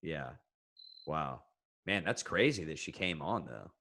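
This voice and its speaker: A podcast host with a very deep voice that still moves a lot in pitch. He keeps the interview casual, mostly tossing in quick, enthusiastic reactions. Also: sing-song, gravelly, bright, forceful tone.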